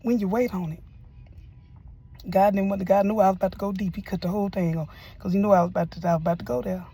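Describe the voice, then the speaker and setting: A woman's voice: medium pitch, steady tone, fast, dark tone, husky, faint music behind. A woman reviewing a show in casual, sermon-like talk, emotional and full of church phrases. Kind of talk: casual preachy commentary.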